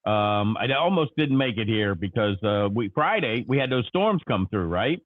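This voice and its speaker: A man hosting a casual morning show, telling a story with animated energy and acting out his own frustration. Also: lowish voice, moderate pace, dry recording, narrow, tinny audio. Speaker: show host.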